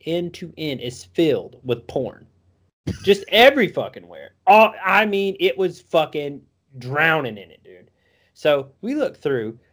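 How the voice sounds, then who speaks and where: A young man telling a rambling, profanity-laden story in a casual drawl. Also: on the high side.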